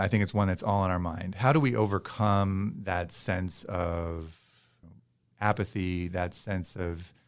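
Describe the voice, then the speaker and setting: A male professor being interviewed, his voice a little low. He thinks aloud, stopping to restart phrases and fill gaps with "uh" and "you know." The tone is relaxed and conversational. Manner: hesitant, with many fillers and restarts. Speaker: professor, guest.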